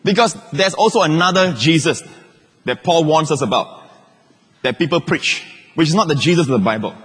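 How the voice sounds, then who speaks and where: A male pastor preaching a sermon in an emphatic way, repeating phrases and moving between shouts and quiet asides. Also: a little high, expressive, normal speed, slightly rough. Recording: long reverb of a large hall.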